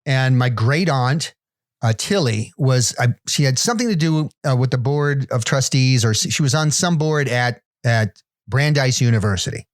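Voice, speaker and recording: A man's voice: mid-range voice, expressive, normal speed, dry recording, studio quality. A man in his fifties co-hosting a podcast, telling rambling, self-deprecating anecdotes full of restarts. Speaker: podcast co-host. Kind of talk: casual chat, storytelling.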